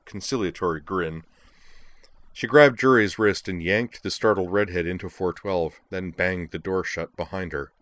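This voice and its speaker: A man with a very low voice narrates a story aloud. His reading is steady and even, line by line, with a deep, grounded tone. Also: moderate pace, no echo.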